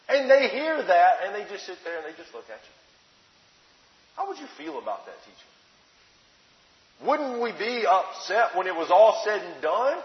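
High-voiced man preaching in an echoey hall. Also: big pitch swings, moderate pace. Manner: dramatic scripture reading, rhetorical questions. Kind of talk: sermon. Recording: dull echoey hall recording.

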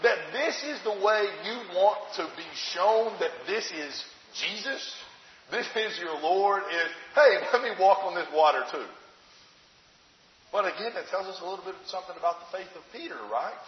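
A man's voice: high-pitched, normal speed, slight background noise. A man preaching a sermon in a conversational way, asking rhetorical questions and acting out the story as he retells it. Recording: echoey hall, dull lo-fi sound.

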